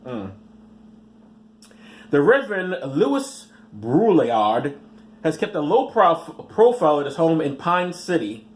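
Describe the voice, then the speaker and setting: A man's voice: on the high side, sing-song, slow pace, long pauses. A man hosting a podcast who reads news stories aloud, then breaks off into sarcastic, rambling commentary and trips over his words. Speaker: podcast host.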